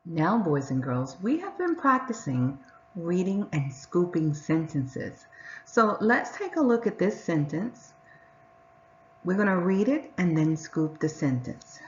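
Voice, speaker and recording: A woman teacher giving a patient reading lesson to young children, sounding out words and reading sentences slowly and clearly. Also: on the low side, big pitch swings, lo-fi sound.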